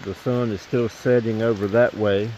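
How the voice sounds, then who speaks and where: A man's voice: lowish voice, fairly even intonation, normal speed, darkish tone, slight background noise. A man, chatting casually to viewers in a rambling, folksy way while filming outdoors by a pond. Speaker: vlogger. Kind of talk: casual outdoor vlog narration. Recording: dull lo-fi outdoor camera audio.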